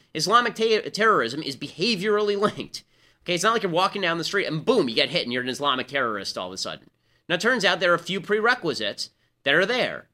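A man hosting a political talk show, delivering a rapid, sarcastic, argumentative monologue. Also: on the high side, sharp tone. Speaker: political commentary host.

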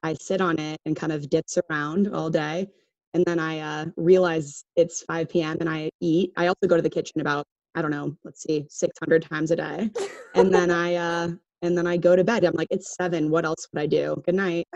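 A woman's voice: low-pitched, little pitch movement, normal speed, darkish tone, no echo. A woman calling in to a casual chat, joking in a dry, wry way over lo-fi call audio. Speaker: guest calling in. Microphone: video call.

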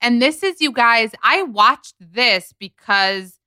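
Bright, crisp-voiced woman podcast host. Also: fairly high pitch, lively intonation, no room sound. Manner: chatty, emphatic, quick asides. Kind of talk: casual chat.

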